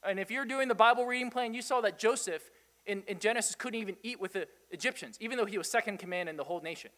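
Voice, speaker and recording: A pastor with a high-pitched voice delivers a lively sermon. He prods his listeners with rhetorical questions and chuckles often as he makes his points. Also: fast talker, long reverb tail.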